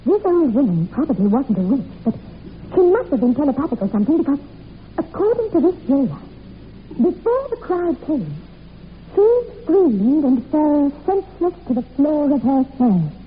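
A young woman acting in a 1940s radio drama, telling a dark family legend in an intense, breathless way. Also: high voice, very animated, moderate pace. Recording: tinny old radio recording with faint hiss.

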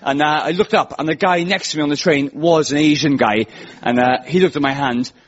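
A man's voice: on the high side, brisk. A Welsh man in his twenties hosting a comedy show, delivering a rambling, self-mocking stand-up monologue. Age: 20s. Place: radio studio with live audience. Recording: lo-fi with loud audience laughter.

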